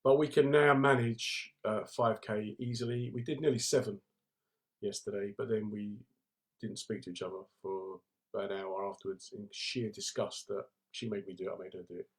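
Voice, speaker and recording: A man's voice: fairly low pitch, steady tone, normal speed. A man hosting a casual live stream from home, joking with viewers and greeting commenters by name.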